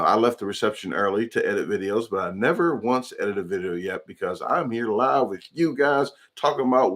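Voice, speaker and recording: A man hosting a casual livestream, rambling chattily and reading chat comments aloud. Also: lowish voice. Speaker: livestream host.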